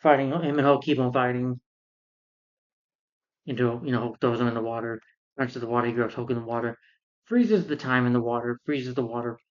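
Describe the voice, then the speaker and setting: A man rants casually about a film he dislikes, rambling through the plot and acting out the characters as he goes. His voice sits at an ordinary middle pitch. The recording sounds slightly dull and lo-fi. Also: fairly quick, long pauses. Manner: rambling, retells scenes and acts out characters. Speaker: film reviewer. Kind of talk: casual film review rant.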